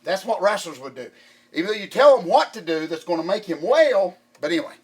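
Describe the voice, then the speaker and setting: A middle-aged man hosting casual chat, excitable and rambling with many restarts. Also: sits high, a little fast, slightly rough. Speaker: podcast host.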